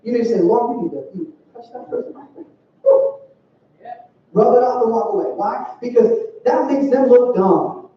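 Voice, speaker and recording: A man's voice: very high voice, lively intonation, a little slow. A young man giving a youth sermon as youth pastor, talking casually and acting out quoted voices. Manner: conversational, acts out quoted voices. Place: church hall. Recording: far, dull and roomy hall sound.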